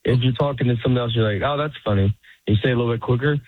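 A man's voice: mid-range voice, steady tone, racing, no echo. A comedian in his forties chatting casually, rambling with many fillers and acting out the voices of people he quotes. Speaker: comedian guest. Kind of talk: casual chat. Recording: tinny phone-like line, dry.

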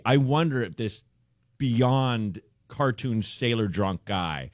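A man's voice: fairly low pitch, lively intonation, slow pace, no echo, studio quality. A man, a comedian guest on a radio show, telling a story with lots of laughter.

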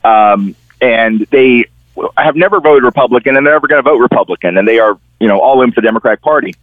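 Over a tinny phone line with no echo, a middle-aged man of medium pitch speaks quickly. He's a newspaper columnist guesting on the show, offering conversational political commentary through animated stories in which he imitates the people he quotes.

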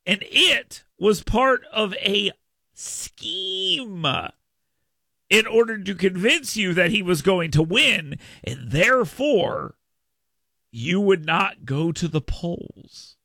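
A man's voice: high voice, lively intonation, slow, pushed and bright, no room sound, studio quality. A man hosting a political talk radio show, ranting sarcastically. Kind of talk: opinionated talk radio monologue.

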